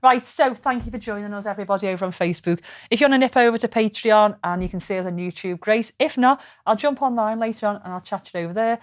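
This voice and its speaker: A woman's voice: medium pitch, quick pace, hardly any pauses, dry recording. Chatty woman, dry sound. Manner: chatty and rambling, swears freely. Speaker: podcast co-host. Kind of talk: casual chat.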